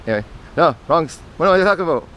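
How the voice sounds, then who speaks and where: A man's voice: a little high, expressive, very fast, a bit bright. A man telling personal stories in a casual, meandering monologue, often correcting himself and drifting into asides. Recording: outdoor traffic noise.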